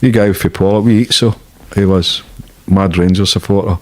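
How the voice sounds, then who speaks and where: A Scottish man speaks in a very low, deep voice as an interview guest. He tells his stories bluntly and casually, swearing freely as he goes. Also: steady tone, normal speed. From Scotland.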